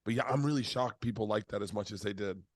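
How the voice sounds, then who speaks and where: A middle-aged man telling stories in a casual interview, animated and profane, acting out the voices of people he quotes. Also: lowish voice, fast talker, no room sound. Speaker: comedian being interviewed.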